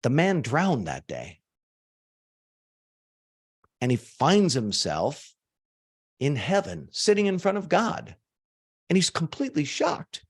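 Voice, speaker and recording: A man teaching a live seminar, animated and informal, swearing now and then for emphasis and asking the audience to join in. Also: a little high, takes it slowly, long pauses, husky. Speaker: motivational speaker.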